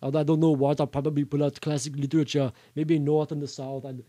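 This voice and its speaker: A man putting on a bragging Austrian-accented action hero, stammering and ad-libbing, mellow and fairly high, dry sound. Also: level tone, no room sound, close to an everyday voice. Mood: boastful. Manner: halting, full of stammered fillers and ad-libs. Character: boastful male action-star bodybuilder, excitable and rambling. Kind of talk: comic impression reading a novel aloud.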